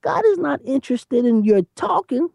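An animated preacher who talks emphatically in conversation, laughing between points and slowing down to stress key phrases. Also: high voice, vocal fry, no echo, muffled recording. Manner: lively, emphatic, repeats "you know what I'm saying".

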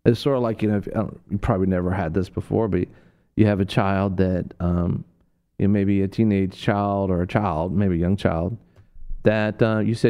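A man hosting a Christian radio talk, telling stories in a rambling way with many fillers and restarts, and acting out quoted people in a sudden high voice. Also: fairly even intonation, fairly quick, lo-fi sound. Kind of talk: preaching talk on a radio show.

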